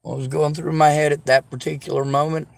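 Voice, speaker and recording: A man's voice: on the high side, level tone, fairly quick, gravelly, no room sound. A man delivering a sarcastic, profanity-laced rant straight to his audience. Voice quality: sarcastic, combative. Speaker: vlogger. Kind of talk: angry profane rant to camera.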